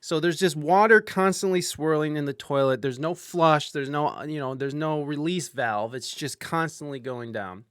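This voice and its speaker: Animated man telling a crude story. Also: on the high side, normal speed, few pauses, smooth, dry recording, studio quality. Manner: animated, profane, swings into loud panicked outbursts when quoting himself; greets live-stream viewers mid-story. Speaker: podcast host. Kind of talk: casual storytelling chat.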